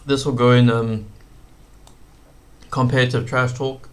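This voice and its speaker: A man's voice: mid-range voice, little pitch movement, a little slow, a bit bright. A young man giving casual commentary as a YouTube host, rambling with fillers and slang.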